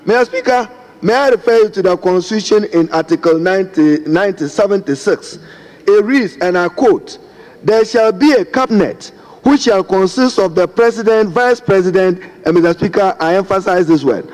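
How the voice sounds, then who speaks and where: A man's voice: high-pitched, normal speed, darkish tone. Ghanaian man giving a parliamentary speech. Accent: Ghanaian English. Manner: formal oratory, addressing the Speaker repeatedly. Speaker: member of parliament. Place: parliament chamber. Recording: reverberant chamber with faint noise.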